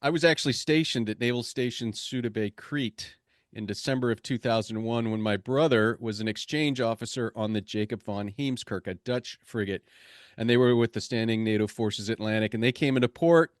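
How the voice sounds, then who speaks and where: A man's voice: medium pitch, normal speed, no echo, studio quality. A man with an American accent hosting a podcast, telling a story in a casual way with fillers. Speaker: podcast host. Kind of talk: conversational podcast interview.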